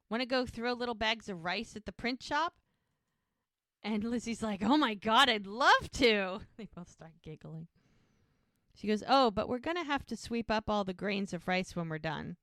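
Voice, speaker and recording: A woman's voice: mid-range voice, fairly bright tone, smooth, no room sound, studio quality. A woman co-hosting a podcast, casually recapping a TV episode and retelling each scene while quoting the characters. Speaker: podcast co-host.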